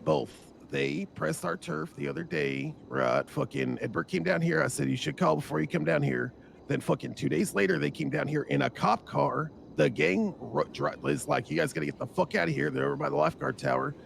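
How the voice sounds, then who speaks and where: A man's voice: on the high side, fairly quick, creaky, slight background noise. A man speaking in character in a gang roleplay, urgent and insistent, swearing often and pressing his point.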